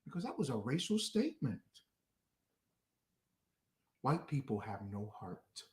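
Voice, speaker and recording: Man, fiery preacher, lively pitch swings, echoey recording. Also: a little slow. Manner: fiery, swings from shouting to low muttering. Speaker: street preacher.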